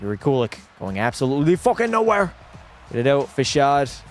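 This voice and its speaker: A young man streaming a hockey video game, chatting with his viewers and breaking into profane, shouted rants. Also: mid-range voice, very animated, fairly quick, soft background music. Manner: profane, talks to chat, erupts into shouting rants. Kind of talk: casual gaming livestream commentary.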